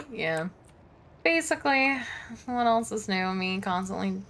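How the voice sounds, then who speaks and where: A woman's voice: medium pitch, lively intonation, slow pace, fairly bright tone, a little hiss or hum. A woman streamer chatting casually during gameplay, swearing lightly and laughing often.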